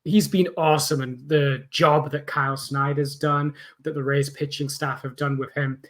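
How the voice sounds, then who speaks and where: A man's voice: a little high, level tone, moderate pace, fairly bright tone. A man co-hosting a casual sports podcast, friendly and lightly self-deprecating. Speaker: podcast co-host.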